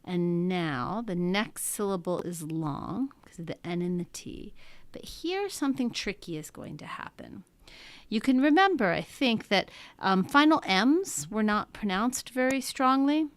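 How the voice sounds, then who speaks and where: Woman teacher, methodical lecture, slow and unhurried, dry close sound. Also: mid-range voice, lively intonation, clean tone, no echo. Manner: methodical, talking through each step. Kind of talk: classroom lecture.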